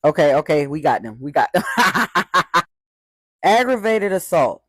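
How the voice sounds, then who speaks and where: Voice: mid-range voice, big pitch swings, a little slow, a bit bright, dry recording. A speaker giving casual commentary, reading out statistics and mocking each figure.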